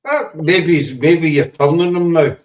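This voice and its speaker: A man's voice: fairly high pitch, a little slow. Scottish man, a bit off-mic. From Scotland. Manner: teasing, playful, chatty. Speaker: podcast host. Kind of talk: casual chat. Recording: voice distant from the mic.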